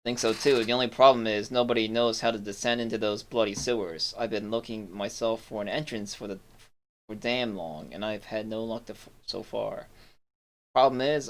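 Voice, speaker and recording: A gruff, weary sheriff of a fantasy city, read aloud by a man playing the game. He plods through his lines stiffly, tripping over words now and then. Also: fairly low pitch, moderate pace, natural voice.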